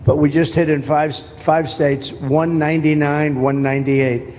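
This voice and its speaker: A man delivers a boastful, rambling public speech. His voice is on the high side for a man, with a dark, mellow tone. The clip carries a long hall reverb and a faint hiss of background noise. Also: level tone, unhurried. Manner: boastful, repetitive, off-the-cuff. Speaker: politician speaking at a roundtable.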